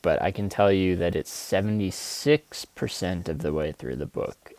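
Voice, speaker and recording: A man with a deep, gravelly voice talks slowly through an emotional, halting monologue from his car, now and then reading his own poems. The sound is close and dry, with no room echo. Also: darkish tone. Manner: agitated, emotional, halting with fillers. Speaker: podcast host reading his own poetry. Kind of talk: rambling confessional monologue. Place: inside a car.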